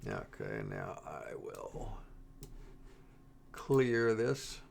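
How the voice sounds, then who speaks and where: A man walks through a software demo with a gravelly edge to his voice. He talks slowly and in halting stretches, stopping to restart his sentences. The delivery stays relaxed throughout. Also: extremely low pitch, a little hiss or hum. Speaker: software tutorial presenter. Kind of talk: screen-recorded coding tutorial.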